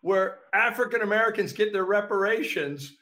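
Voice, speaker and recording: Slightly high-voiced man hosting a chat. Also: moderate pace, sharp tone. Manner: playful, laughs easily, hesitant fillers. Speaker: podcast host. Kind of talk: casual interview.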